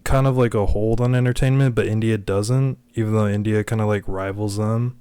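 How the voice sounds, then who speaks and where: Low, smooth-voiced young man chatting. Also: fairly even intonation, fairly quick, dark tone, no room sound. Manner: crude, constant "like" fillers. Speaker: podcast co-host. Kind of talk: casual chat.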